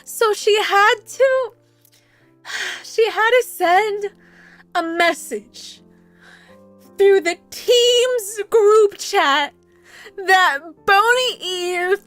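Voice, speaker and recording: A young adult woman streamer chatting casually and telling a rambling, animated story, swearing freely as she goes. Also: very high voice, extremely slow, long pauses, no room sound, faint music behind. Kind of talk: casual livestream chat.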